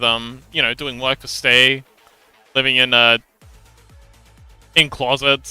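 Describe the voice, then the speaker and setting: A livestream host reads chat messages aloud and answers them in a loose, joking way, laughing often between remarks. His bright, clear voice sits a little high for a man. He talks close to a dry mic with no echo, and faint music plays underneath.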